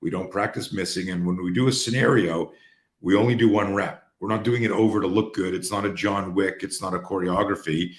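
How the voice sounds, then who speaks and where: A man hosting a talk, telling stories in a casual, animated way, sometimes swearing and restarting his sentences. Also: low voice, fairly quick, echoey room. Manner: animated, profane, restarts often. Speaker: host.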